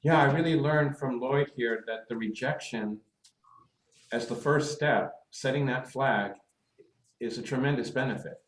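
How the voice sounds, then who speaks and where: A talkative man hosts a club video call and lays out his ideas with plenty of examples. His voice sits at a middle pitch. It is picked up by a computer mic in an echoey room. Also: a little slow. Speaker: meeting host. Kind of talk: casual Zoom meeting chat.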